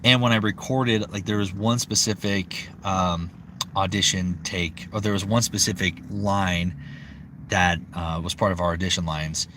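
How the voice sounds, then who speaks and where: A young man, a voice actor, chatting casually on a live stream, rambling and excitable, swearing freely. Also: low voice, a little slow, background noise. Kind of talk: casual livestream chat.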